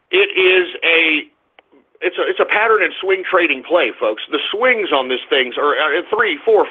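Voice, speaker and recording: A man hosting a talk radio show, brash and profane, swinging from loud shouts to low mutters. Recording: phone-like narrow band.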